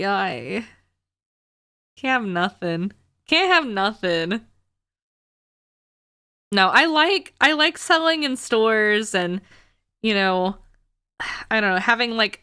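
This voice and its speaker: A young woman streamer chats casually with a bright, crisp, tense voice. Her talk is sarcastic, with frequent laughter. The sound is dry and close, from a desk mic at home. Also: medium pitch, dry recording. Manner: chatty and sarcastic, laughs often. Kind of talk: casual chat while livestreaming a game.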